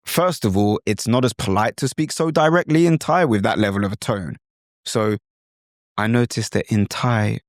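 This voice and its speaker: A man's voice: fairly low pitch, dry recording, studio quality. A British man hosting a podcast, earnestly explaining and demonstrating how to pick up accents. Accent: British English. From England. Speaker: podcast host. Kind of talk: accent coaching talk.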